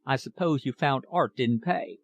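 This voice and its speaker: A man voicing a pompous, talkative shop manager with a Cockney accent and a high, metallic voice. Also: moderate pace, no room sound, dull audio, close to an everyday voice.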